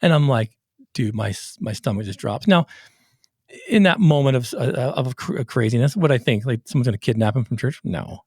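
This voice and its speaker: A middle-aged man hosting a casual podcast interview, an animated storyteller who acts out the voices in his anecdotes. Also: mid-range voice, brisk, breathy edge, no room sound, studio quality. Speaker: podcast host and recovery coach.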